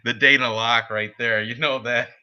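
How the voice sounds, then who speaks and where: A man co-hosting a casual sports betting chat, talking excitably and laughing at his own jokes. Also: mid-range voice, clear, resonant tone, dull audio. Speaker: podcast co-host.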